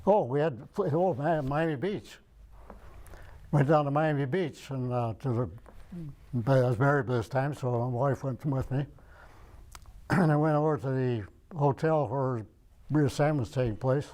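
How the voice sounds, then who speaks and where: Old guy from michigan remembering stuff out loud, warm dark voice, wanders a bit. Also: medium pitch, a little slow. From Michigan, United States. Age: older. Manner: rambling, searches his memory aloud. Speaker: veteran interviewee. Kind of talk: oral history interview.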